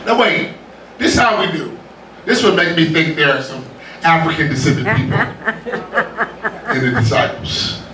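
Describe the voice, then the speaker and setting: Male pastor, animated preaching with jokes, bright voice that swings widely, slight room noise. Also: fairly high pitch, a little slow, pauses often. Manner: lively, joking, with laughter from the congregation. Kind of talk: sermon. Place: church sanctuary. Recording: echoey church room from a distance.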